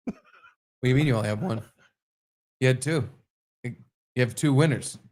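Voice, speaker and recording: A man co-hosting a podcast, chatting casually and telling a story, swearing and acting out quotes in high voices. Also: normal speed, darkish tone. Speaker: podcast co-host. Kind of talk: casual chat.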